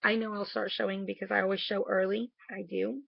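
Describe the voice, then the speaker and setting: A woman's voice: mid-range voice, level tone, brisk, vocal fry, slightly rough, no room sound, lo-fi sound. A woman talking in a casual video diary at home late at night, candid and emotional, swearing casually. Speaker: vlogger.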